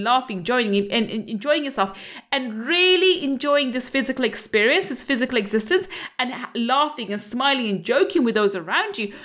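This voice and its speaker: Middle-aged woman motivational coach, high bright voice, upbeat, laughs easily, keeps asking "right?". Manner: upbeat, laughs often, repeats rhetorical questions. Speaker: money coach. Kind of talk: motivational talk to camera.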